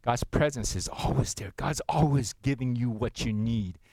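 A man, a pastor preaching a sermon, earnest and gentle, with soft intimate passages and loud slow scripture readings. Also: medium pitch, no echo, low-quality recording.

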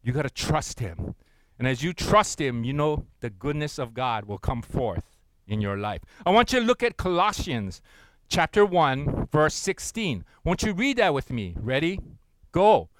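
A man preaching a sermon in a fairly high voice, recorded close and dry. He calls his listeners to read scripture aloud with him. His delivery swings from loud and urgent to soft and hushed. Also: sing-song, measured pace, no room sound. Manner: preaching, leads congregation in reading aloud. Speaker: pastor.

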